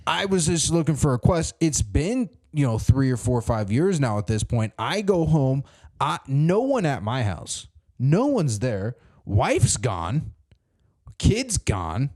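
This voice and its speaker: A man's voice: medium pitch, sing-song, a little slow, darkish tone. A man co-hosting a comedy podcast, improvising a silly adventure story in a rambling way with lots of fillers and restarts. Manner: rambling, many restarts and fillers, laughing at his own story. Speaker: podcast co-host.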